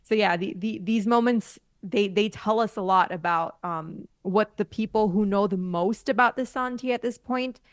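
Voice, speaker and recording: A woman co-hosting a podcast in casual chat about a TV series, thoughtful and animated, laughing often. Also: mid-range voice, moderate pace, few pauses, no room sound, clean studio sound. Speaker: podcast co-host.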